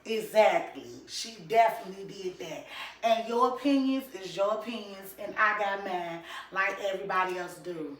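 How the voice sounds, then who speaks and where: A woman YouTube vlogger with a mid-range voice chats casually and animatedly, talking straight to her viewers at a moderate pace. It's casual commentary recorded in an echoey room, with her voice far from the mic.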